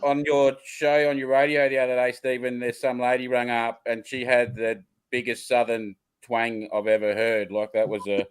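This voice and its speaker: A man's voice: medium pitch, little pitch movement, moderate pace, hardly any pauses, smooth. Aussie guy, laid-back chat, medium voice, joking around. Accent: Australian. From Australia. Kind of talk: casual chat.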